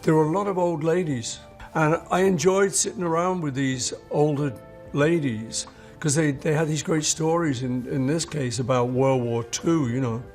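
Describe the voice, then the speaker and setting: Older English man, interview anecdotes, slightly high voice, animates quoted voices. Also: steady tone, normal speed, darkish tone, soft background music. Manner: acts out quoted voices in his stories. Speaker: musician interviewee.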